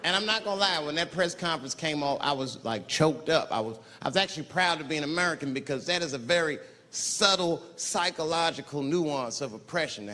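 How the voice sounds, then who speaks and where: A man doing a stand-up comedy routine, animated and loud, leaping into high shouted voices. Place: large theater stage with audience. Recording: live hall recording, audience noise.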